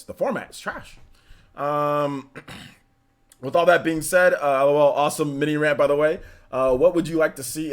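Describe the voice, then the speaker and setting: A young man chatting casually on a live stream, animated and quick to laugh, often repeating himself as he reads chat. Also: medium pitch. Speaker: streamer reacting and reading chat.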